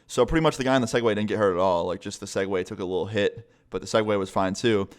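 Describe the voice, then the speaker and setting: A man's voice: fairly low pitch, fast talker, clean tone. A young man vlogging a casual storytime, rambling and swearing a lot. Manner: rambling, profane, chatty.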